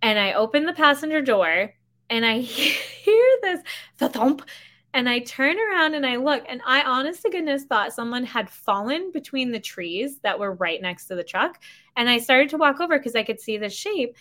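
A woman in her thirties hosting a podcast, telling a story in a chatty, animated way and acting out the dialogue. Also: sits high, moderate pace. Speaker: podcast host. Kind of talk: casual storytelling monologue.

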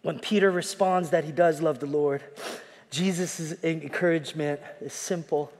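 A male pastor preaching a sermon, folksy, swinging from shouting to hushed tones and calling out to the congregation. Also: a little high, fairly even intonation, moderate pace. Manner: folksy, repeats calls to the congregation. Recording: long hall reverb.

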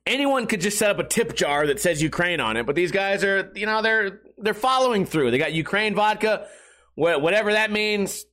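A man's voice: sits high, expressive, normal speed, sharp tone. A young man in a casual comedic rant, profane and sarcastic, rambling between jokes.

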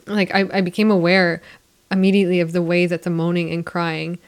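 A woman's voice: fairly low pitch, level tone, a little fast. A woman co-hosting a podcast, telling a personal story in a casual, candid way with some casual swearing.

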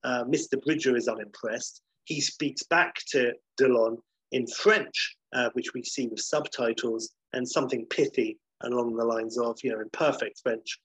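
A man's voice: medium pitch, normal speed, few pauses, a bit bright, husky, no room sound, poor audio. A man casually retelling a film plot, chatty with many fillers, acting out the dialogue.

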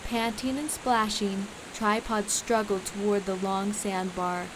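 A woman narrating a children's animal storybook in a clear, storytelling manner. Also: medium pitch, level tone, measured pace, few pauses, noisy background. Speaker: audiobook narrator.

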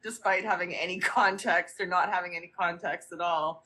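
A woman co-hosting a casual podcast, wry and unhurried. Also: on the low side, steady tone, sharp tone, husky. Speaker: podcast co-host.

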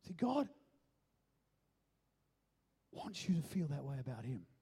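Mellow raspy-ish pastor preaching, keeps asking the crowd if they're with him. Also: medium pitch, sing-song, slow. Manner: keeps checking in with the listeners, emphatic. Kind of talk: sermon.

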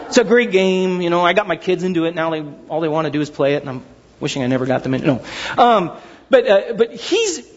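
Male pastor, high lively voice, husky, dramatic preacher, muffled recording with long hall reverb. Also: fast talker, slight background noise. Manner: animated, dramatic storytelling with acted-out quotes. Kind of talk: sermon. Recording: dull sound in a large reverberant hall.

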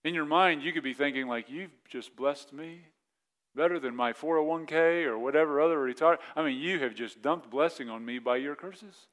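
A man's voice: a little high, fairly bright tone. Conversational male pastor preaching. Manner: conversational preaching, acts out quick voiced asides. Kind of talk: sermon.

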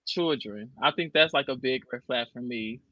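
A man's voice: medium pitch, moderate pace, dry recording, highs cut off. A man on a podcast panel, chatting casually and telling a story in a slangy way, with lots of "like". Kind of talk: casual chat.

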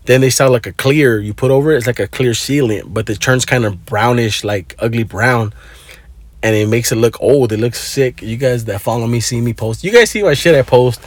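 A man with a mid-range voice talks briskly in a casual phone-recorded vlog, rambling through a story. Profane and easygoing, he slips Spanish words into his speech, and the recording is dry.

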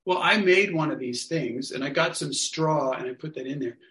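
A man casually telling a story to an online study group, acting out what people said in lively quotes. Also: fairly high pitch, normal speed. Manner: animated, acts out other people's lines. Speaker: workshop leader telling a story. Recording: echoey room sound.

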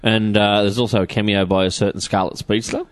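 A man's voice: on the low side, brisk. An Australian man, a comic shop owner and podcast co-host, talking casually and chattily with slang and frequent laughs. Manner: lively, chatty, laughs often, drops slang.

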